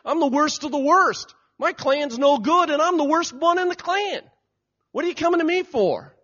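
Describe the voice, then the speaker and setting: A man voicing a despairing young man who complains about himself in a high, whining voice. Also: lively intonation, moderate pace, bright, forceful tone, exaggerated voice. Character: self-doubting young man, whiny and despairing. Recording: dull lo-fi recording.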